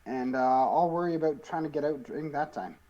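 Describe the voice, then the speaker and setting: A man's voice: on the high side, animated, fast, warm tone, lo-fi sound. A man playing a character in a tabletop role-playing game, drawling and sarcastic. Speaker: player. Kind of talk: casual role-play as a player character.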